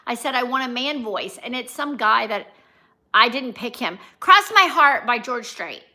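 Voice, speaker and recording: A woman's voice: on the high side, expressive, normal speed, sharp tone. A woman hosting a casual livestream, chatting and reading her viewers' comments aloud, greeting them by name. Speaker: vlogger and livestream host.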